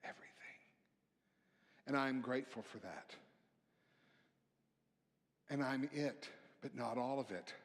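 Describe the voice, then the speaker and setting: A man preaching a reflective sermon as a minister, slow and gentle, dropping to near-whispers on key phrases. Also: mid-range voice. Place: church sanctuary. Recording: long hall reverb.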